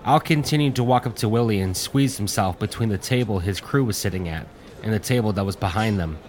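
A man reading a war story aloud in steady audiobook narration. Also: lowish voice, fairly quick.

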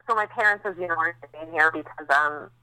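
A woman's voice: low-pitched, fast, pushed and bright, dry recording, poor audio. A woman in her thirties, a podcast co-host recovering after childbirth, telling stories in a candid, chatty way with many fillers. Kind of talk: casual chat.

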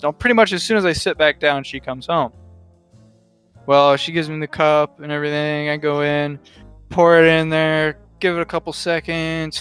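A man's voice: fairly high pitch, a bit bright, smooth. Profane young man telling stories. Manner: profane, rambling, laughs while telling stories. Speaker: podcast co-host. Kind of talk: casual storytelling chat.

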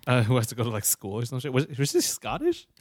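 A young man with a husky voice chatting casually with friends and tossing in quick jokes. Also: mid-range voice, wildly swooping pitch, dry recording, clean studio sound. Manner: joking, quick one-liners. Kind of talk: casual chat among friends.

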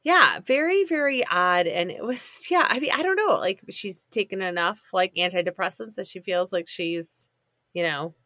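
Woman, bright and lively, rambling casual co-host, dry close sound. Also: medium pitch, moderate pace, no echo. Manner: chatty, lots of fillers and restarts. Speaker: podcast co-host. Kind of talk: casual chat recapping a reality show.

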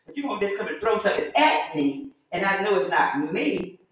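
A woman's voice: medium pitch, big pitch swings, moderate pace, slight background noise. A woman teaching a Sunday school lesson in a conversational, folksy way, now and then acting out the voices of the people in her stories. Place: church room. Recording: very echoey room, voice from far off.

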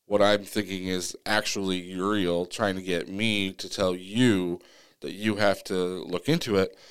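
A man on a podcast telling a personal story in casual, earnest talk, acting out his own side of the exchange. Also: clean tone. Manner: animated retelling, acting out his own pleas in a higher voice; earnest, many restarts and fillers. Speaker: podcast co-host.

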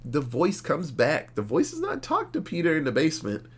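A man co-hosting a podcast, recapping a horror movie in animated, profane, casual storytelling. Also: fairly high pitch, moderate pace, husky. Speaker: podcast co-host. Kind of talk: casual movie review chat.

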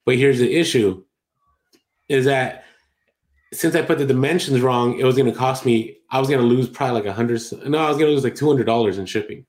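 A man's voice: medium pitch, a little fast, a little mellow. Chatty man in an echoey room. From Latin America. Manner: rambling, self-correcting, chatty. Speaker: podcast co-host. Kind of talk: casual chat about online selling.

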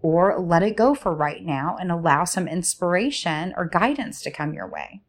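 A woman's voice: fairly low pitch, animated. Soothing woman giving a reflective talk. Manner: slow, soothing and inviting, with many rhetorical questions.

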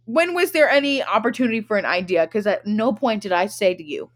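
A young woman co-hosting a podcast, telling a story in a loud, profane, animated way and acting out what people said. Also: mid-range voice, fairly quick. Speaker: podcast co-host. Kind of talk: casual storytelling chat.

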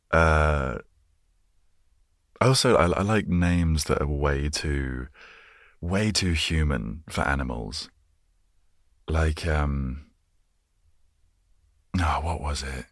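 A man's voice: extremely low pitch, no room sound, studio quality. A man in his twenties with an English accent, hosting a solo podcast in a rambling, musing way, easily amused by his own tangents. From England. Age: 20s. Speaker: podcast host. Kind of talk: casual solo podcast chat.

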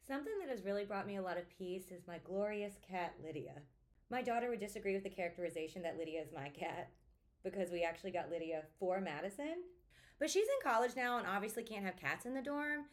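A woman's voice: medium pitch, a little fast. A woman, hosting a casual podcast monologue and talking candidly with lots of swearing. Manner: candid, profane, animated storytelling. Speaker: podcast host, attorney.

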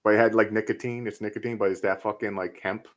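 A man's voice: fairly low pitch, little pitch movement, fast, a little hiss or hum. A man co-hosting a podcast, giving blunt, profane commentary while watching a movie. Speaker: podcast co-host. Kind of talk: casual movie-watching chat.

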